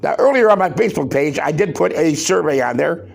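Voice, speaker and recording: Gravelly, husky man ranting emphatically. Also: fairly high pitch, animated, brisk. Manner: emphatic, fires rhetorical questions; loud, worked-up. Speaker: podcast host. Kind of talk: ranting commentary.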